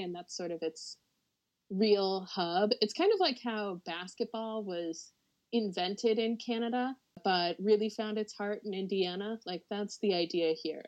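A woman's voice: mid-range voice, darkish tone, rough recording. A woman hosting a podcast, from the United States, talking casually with frequent laughs and fillers. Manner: chatty, laughs often, frequent "like". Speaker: podcast co-host presenting a topic.

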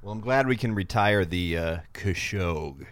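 A man's voice: low voice, expressive, normal speed, no room sound. A man co-hosting a podcast, trading sarcastic, profane jokes in casual banter. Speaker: podcast co-host.

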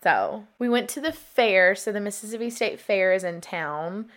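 A woman's voice: medium pitch, expressive, normal speed, fairly bright tone. Rambling young woman podcaster. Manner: rambling, many "like" fillers, open and emotional. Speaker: podcast host. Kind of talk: casual confessional chat.

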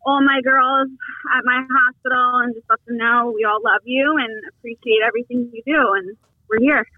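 A woman's voice: on the high side, no echo. A woman nurse from Long Island with a Long Island accent, calling in and chatting in a friendly, chatty way with easy laughs. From Long Island, New York. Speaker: caller, nurse. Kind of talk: casual call-in chat. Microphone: phone call. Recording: tinny phone line.

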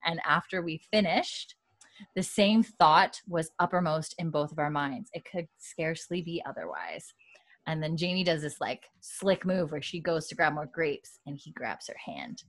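A woman with a slightly low voice tells a story in relaxed casual chat. She often laughs and acts out what the characters say. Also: moderate pace. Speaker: podcast co-host recapping a TV episode.

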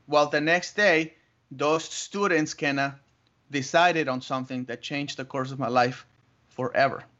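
A man telling his story as an interview guest, lively, laughing often and acting out other voices. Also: a little high, a little slow. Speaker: interview guest, wedding photographer. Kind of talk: animated storytelling. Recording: muffled lo-fi audio.

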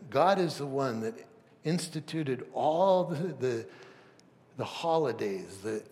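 A man preaching a sermon as pastor, swinging from loud emphatic peaks to soft near-whispers, with rhetorical questions and stammered restarts. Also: fairly high pitch. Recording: long reverb of a large hall.

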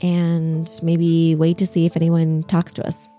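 A woman's voice: low-pitched, monotone, unhurried, mellow, faint music behind. A woman playing in a tabletop game, chatty and giggly. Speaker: player. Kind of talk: casual chat at a tabletop game.

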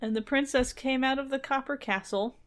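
A woman reading a fairy tale aloud, breaking off for casual chat with wry, deadpan asides and frequent laughs. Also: high voice, moderate pace.

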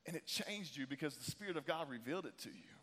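High-voiced preacher in an echoing hall. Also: male voice, expressive, quick pace, pushed and bright. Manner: casual, joking, calls on the crowd. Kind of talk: lively sermon with call-and-response. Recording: long reverb of a large hall.

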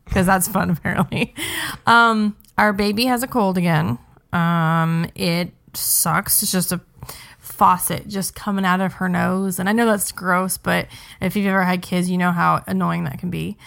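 A woman's voice: lowish voice, steady tone, normal speed, creaky, fairly bright tone. A young adult woman hosting a podcast, chatting in an upbeat casual way with frequent ums. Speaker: podcast host.

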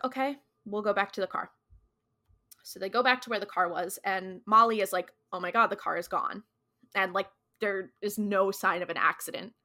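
A woman's voice: medium pitch, sharp tone. A woman co-hosting a podcast, retelling a TV episode in a chatty, slangy way full of "like". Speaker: podcast co-host. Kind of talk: casual episode recap.

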